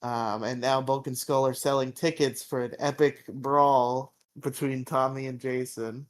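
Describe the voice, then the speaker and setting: A young man co-hosting a podcast, casually recapping a show, swearing freely and tossing in quick character impressions. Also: medium pitch, steady tone. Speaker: podcast co-host.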